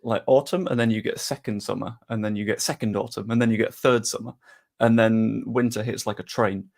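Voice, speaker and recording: A man's voice: lowish voice, fairly even intonation, a little fast, vocal fry. A young British man hosting a live stream, chatting casually and rambling with self-deprecating humour. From United Kingdom. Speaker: streamer and host.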